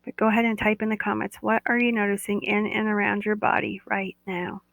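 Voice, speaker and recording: Gravelly woman guiding a meditation. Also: mid-range voice, level tone, brisk, a bit bright, dry recording, lo-fi sound. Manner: soothing, coaxing, repeats cues like "that's right". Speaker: guided meditation teacher. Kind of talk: guided body-awareness meditation.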